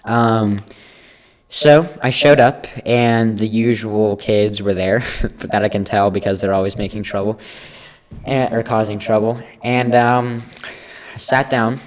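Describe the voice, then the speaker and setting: A teenage boy co-hosting a podcast, telling a school story in casual chat and acting out the people in it. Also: medium pitch. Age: teens. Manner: animated, acts out quoted people. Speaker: podcast co-host.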